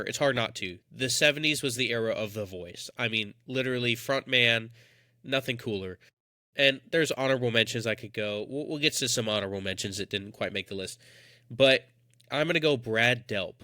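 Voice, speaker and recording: A man's voice: medium pitch, sharp tone, no room sound, clean studio sound. A young man co-hosting a podcast, talking in a casual, enthusiastic, rambling way. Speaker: podcast co-host. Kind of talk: casual chat.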